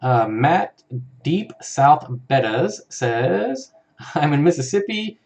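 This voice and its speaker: A man's voice: a little high, big pitch swings, slow pace, vocal fry, darkish tone. A man hosting a casual live stream, reading out viewer comments in an easygoing way and chuckling often. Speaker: live-stream host for an aquarium channel.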